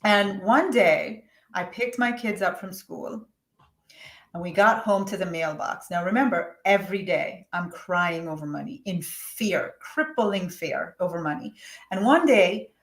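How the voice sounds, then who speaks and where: A woman's voice: fairly low pitch, measured pace. A middle-aged woman guest telling her personal story candidly, acting out what she once said to herself. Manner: candid and animated, acts out her own past words. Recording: roomy echo.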